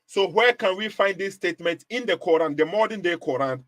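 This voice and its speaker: A man with a fairly high voice hosts a live commentary stream, hammering his point through emphatic, repetitive rhetorical questions. He breaks into short laughs between points. The sound is dry and close, with almost no room around it. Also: animated, brisk, a bit bright, no echo. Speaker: livestream host.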